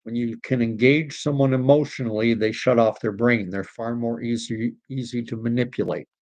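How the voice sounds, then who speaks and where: A man from Canada hosts a casual livestream and talks at an even middle pitch. He rambles, breaks off and restarts as he reads out viewer comments. The sound is dry and close, with no room echo. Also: normal speed. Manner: rambling, self-correcting, reads comments aloud. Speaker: livestream host.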